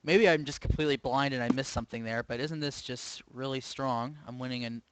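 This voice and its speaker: A man's voice: mid-range voice, brisk, noisy background. A man commentating his own online chess game live, thinking aloud with hesitant, self-questioning remarks. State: sleepy, yawning. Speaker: chess streamer.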